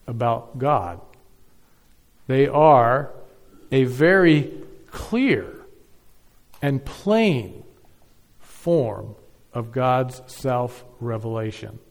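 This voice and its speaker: A pastor giving a Sunday morning sermon, stressing key words with repetition and swinging between loud and soft delivery. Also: male voice, medium pitch, long reverb tail. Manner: emphatic, repeats key words, varies loudness widely.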